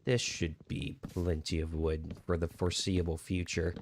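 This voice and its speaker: A young man streaming a game chats in a laid-back, rambling way, full of fillers and restarts, and he is hiccuping. His voice sits low with a level tone at normal speed, over slight background noise.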